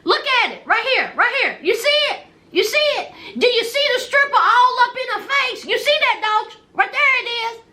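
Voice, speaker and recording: A woman, tipsy, recapping a reality show in a casual, animated storytelling way, acting out what people said. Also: very high-pitched, moderate pace. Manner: animated storyteller, acts out quotes, laughs. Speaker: recap commentator.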